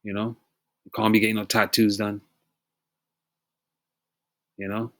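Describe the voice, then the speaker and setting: Emphatic low-voiced man preaching. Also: flat delivery, a bit bright. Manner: emphatic, repeats "you know?" and "okay?" often; reads verses slowly, clears throat between passages. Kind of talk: informal sermon with scripture reading.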